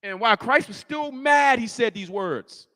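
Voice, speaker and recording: A man preaching a sermon as pastor, telling the story in animated fashion, acting out the scene and rising to shouts. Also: very high voice, moderate pace, in a large hall.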